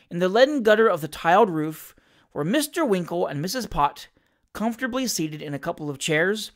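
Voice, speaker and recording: Animated storyteller reading a classic novel, voice rising and falling freely. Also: medium pitch. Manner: expressive, lively storytelling. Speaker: audiobook reader.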